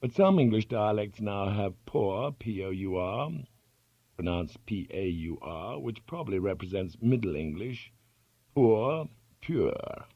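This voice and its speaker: A man narrates an audiobook with a husky, low voice that rises and falls expressively. He reads slowly and carefully, weighing each word. The recording is dry and dull, with a lo-fi quality. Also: expressive, no room sound. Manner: measured, careful reading of a dictionary entry.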